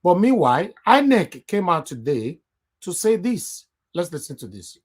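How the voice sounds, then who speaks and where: A man's voice: sits high, big pitch swings, normal speed, slightly rough. A man hosting a news commentary in a conversational way, with fillers. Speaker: news channel host.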